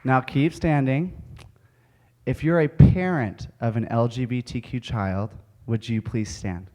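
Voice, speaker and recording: A man's voice: medium pitch, unhurried, darkish tone, a faint crowd. Young man telling a candid story. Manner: candid, laughs often while telling. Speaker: speaker at an event. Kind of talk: personal story speech to an audience. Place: auditorium with audience.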